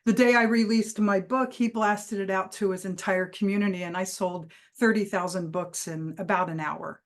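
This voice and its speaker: A woman giving a motivational keynote, telling a personal story with lively emphasis and punchy phrasing. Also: mid-range voice, moderate pace. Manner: lively anecdotal delivery with vivid emphasis. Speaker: keynote speaker and trainer.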